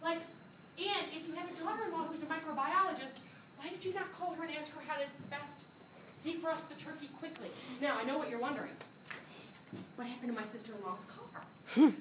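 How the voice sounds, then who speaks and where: A woman microbiology teacher telling a funny story to her class, animated and laughing as she acts out what people said. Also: high voice, brisk, noisy background. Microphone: phone camera from a student's seat. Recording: echoey classroom filmed from far off.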